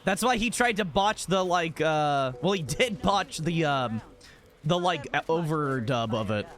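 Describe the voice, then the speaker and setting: A man's voice: a little high, expressive, measured pace, fairly bright tone, soft background music. A man streaming a game, chatting casually and telling profane, joking stories in a rambling way. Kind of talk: casual live-stream chat.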